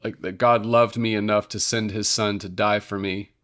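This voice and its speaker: A man's voice: on the low side, little pitch movement, normal speed, fairly bright tone. A man, a worship leader, telling his story as a podcast guest in an earnest, casual way with many "you know"s and restarts.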